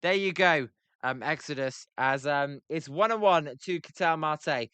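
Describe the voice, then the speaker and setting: A young British man with a British accent calling a baseball game on a livestream, reading chat aloud between pitches with lots of filler words. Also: unhurried, sharp tone, clear, resonant tone, no echo. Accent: British English. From Britain. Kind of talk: casual play-by-play livestream commentary.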